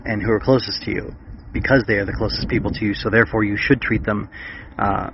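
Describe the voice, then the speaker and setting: A man's voice: fairly low pitch, steady tone, fast talker, vocal fry, muffled recording, noisy background. Rambling man in a casual book chat. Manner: rambling, many fillers and restarts. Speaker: podcast host.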